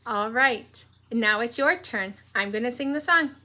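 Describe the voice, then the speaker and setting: A young woman teaching a pre-K morning meeting, talking gently and in a sing-song way to small children. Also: a little high. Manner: slow, gentle and sing-song, breaking into cheerful songs.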